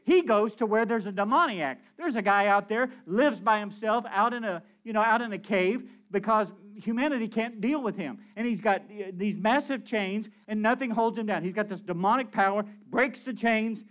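A man with a notably high voice preaching to his congregation. He talks in a lively, animated way, asking the room questions and chuckling between points. He sounds like a pastor in the middle of a sermon.

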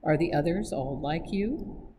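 A woman reads a cheeky young Englishman who mocks every threat with light, teasing ease. The voice sits low for a woman. A clear hiss of noise runs under the recording. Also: expressive, unhurried. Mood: mocking. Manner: flippant, teasing. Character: breezy, mocking young Englishman adventurer.

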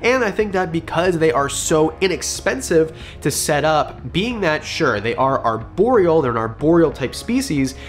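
A man's voice: on the high side, very animated, normal speed, hardly any pauses, faint music behind. A man hosting a pet-snake vlog, explaining care tips in a chatty, enthusiastic way with jokey asides. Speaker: reptile channel host. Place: home with pets around.

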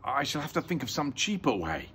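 A man voicing a sensible, thrifty father in a storybook, measured and fatherly. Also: mid-range voice, very animated, pushed and bright, slight background noise, voice pushed up.

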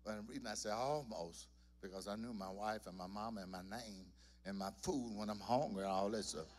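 A man's voice: lowish voice, a little fast. A church singer telling his testimony to the congregation in a folksy storytelling manner. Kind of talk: spoken testimony in a worship service. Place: church sanctuary.

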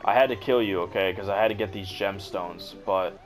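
A man's voice: low-pitched, a little fast, poor audio. A young man commentating casually over gameplay, crude and joking, swearing a lot. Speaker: gamer. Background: game music.

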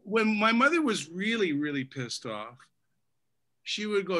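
A man's voice: high-pitched, very animated, measured pace, crowd noise. A man, a guest actor on a video-call podcast, telling jokey stories about growing up. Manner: jokey, storytelling. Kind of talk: casual podcast chat.

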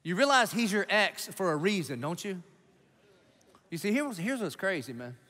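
A man's voice: high-pitched, sing-song, normal speed, pushed and bright. A male pastor preaching an emphatic sermon, driving his points home with punchy rhetorical questions to the congregation. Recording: long reverb of a large hall.

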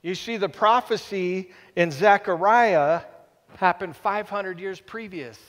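A man preaching a sermon as pastor in a church, animated, dropping to a hush and then rising loud, with playful asides. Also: high-pitched, slow, big-room sound. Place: church sanctuary.

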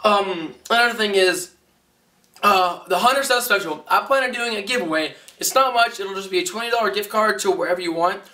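A young man giving a rambling, excitable vlog update, heard through a camera mic a little way off. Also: high-pitched, brisk, distant mic. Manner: rambling, excitable, self-correcting. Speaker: vlogger.

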